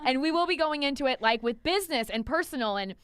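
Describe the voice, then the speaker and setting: A woman in her thirties hosting a podcast, talking energetically with casual swearing and quick asides. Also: sits high, animated, a bit bright. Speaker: podcast host, business coach.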